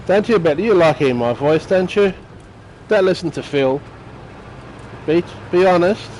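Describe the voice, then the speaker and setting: A man's voice: sits high, animated, normal speed, a little mellow, a little hiss or hum, poor audio. A man giving casual, chatty commentary while playing a game and teasing viewers by name. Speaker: gaming streamer.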